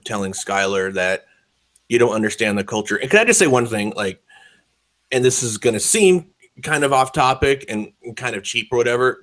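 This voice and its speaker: A man's voice: medium pitch, fairly bright tone. Rambling, foul-mouthed male podcast co-host. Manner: rambling, swears freely, lots of fillers. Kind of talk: casual chat.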